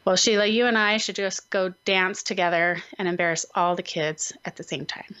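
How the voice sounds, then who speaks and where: A woman's voice: on the low side, level tone, normal speed, a bit bright, clear, resonant tone. A woman hosting a talk radio interview, introducing her guest and asking questions. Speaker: radio show host. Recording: slightly dull radio audio.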